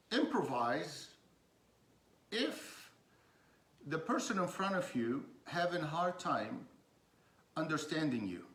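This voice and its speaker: Male coach, slow halting delivery with many fillers, reverberant room. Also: on the high side, a bit bright. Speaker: communication coach. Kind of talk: informal teaching talk. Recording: echoey room.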